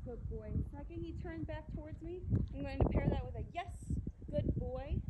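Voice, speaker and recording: Woman dog trainer, high voice, calm soft commands, off-mic, loud background noise. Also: moderate pace, recorded from a distance, phone-quality sound. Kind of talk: outdoor training demonstration.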